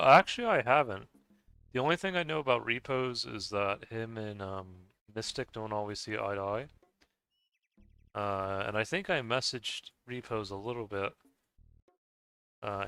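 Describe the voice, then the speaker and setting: A man from the United States, a gaming streamer, chatting casually while he plays, rambling and halting with many restarts and soft chuckles. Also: lowish voice, smooth. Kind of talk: casual chat while playing a game.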